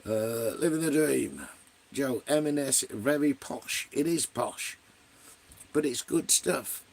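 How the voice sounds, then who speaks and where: Middle-aged English guy, gravelly voice, blunt and rambling, swears constantly, chatting to viewers on a livestream. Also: medium pitch, slow pace. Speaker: vlogger. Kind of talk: casual livestream chat, answering viewers.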